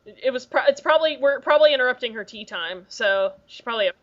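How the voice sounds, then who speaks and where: A woman's voice: on the high side, expressive, quick pace, a bit bright. A woman hosting a podcast in casual chat, talking freely and laughing often. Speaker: podcast host. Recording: dull lo-fi recording.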